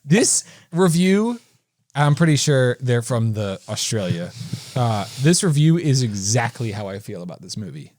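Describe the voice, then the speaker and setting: A man's voice: mid-range voice, big pitch swings, a little slow, a little mellow, no echo, studio quality. A man co-hosting a movie podcast in casual chat, chatty and self-deprecating. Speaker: podcast co-host.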